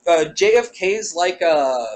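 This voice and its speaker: A man's voice: fairly high pitch, lively intonation, slow pace, poor audio. A young man co-hosting a casual podcast chat, rambling and joking and laughing often. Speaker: podcast co-host. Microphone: handheld ball microphone, sometimes held away.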